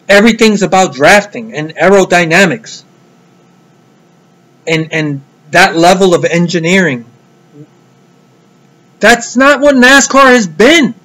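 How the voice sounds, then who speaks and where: A man's voice: sits high, a bit bright, poor audio. A man giving a heated, blunt solo rant about motor racing, swearing freely. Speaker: motorsport commentator vlogger.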